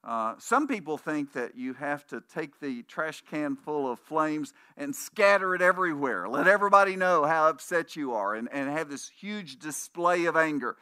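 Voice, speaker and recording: Man, pastor, conversational sermon, anecdotes, bright voice, dry close sound. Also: on the high side, animated, moderate pace, few pauses, clean tone, no room sound. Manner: conversational preaching with anecdotes and restarts; puts on voices when quoting people in stories.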